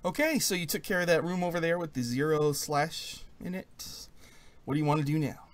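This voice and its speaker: A man narrating as game master of a tabletop game, in a playful, animated way. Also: a little high, fairly quick, a little hiss or hum.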